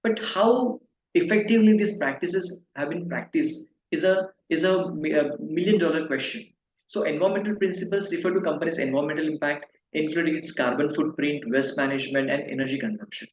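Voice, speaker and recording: This fifty-something pharma consultancy director stumbles through interview answers, restarting often and leaning on fillers. His voice sits a little high, and the audio is dull and echoey with a faint hiss.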